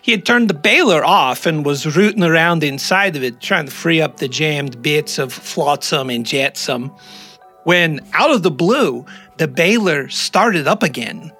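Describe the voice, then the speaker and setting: Husky, bright-toned male podcast host. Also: a little high, measured pace, faint music behind. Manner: animated, joking, gesturing. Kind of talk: casual storytelling chat. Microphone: close studio mic.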